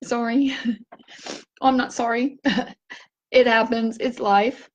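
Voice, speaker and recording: A woman telling a personal story in a gentle, halting way, teary and with her voice breaking. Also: fairly high pitch, level tone, slight background noise. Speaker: vlogger sharing a personal story.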